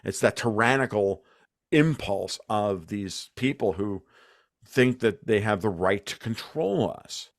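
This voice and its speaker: Low-voiced ranting man. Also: lively intonation, slow, no echo, studio quality. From United States. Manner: ranting, many restarts, emphatic. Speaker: interview guest, commentator. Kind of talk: animated conversational interview.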